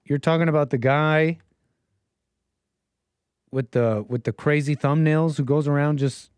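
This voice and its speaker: A man's voice: fairly high pitch, fairly even intonation, a little slow, pauses often, a little mellow, smooth, no echo, clean studio sound. A man hosting a call-in show, giving casual, mocking, incredulous commentary as he reacts to text he reads aloud. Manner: incredulous and mocking, with frequent chuckles.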